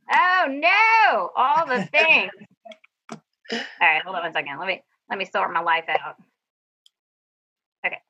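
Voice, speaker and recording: A woman with a mid-range voice and lively intonation speaks slowly, pausing often, with a sharp tone on a rough recording. She's a middle school band director giving a chatty, upbeat, self-deprecating teacher presentation over screen share during a video call.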